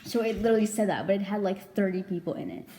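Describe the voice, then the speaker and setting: A woman's voice: medium pitch, quick pace, mellow, slight background noise. A young woman vlogging a casual storytime, rambling and chatty, packed with "like" and casual swearing. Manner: chatty, rambling, heavy filler "like", swears freely.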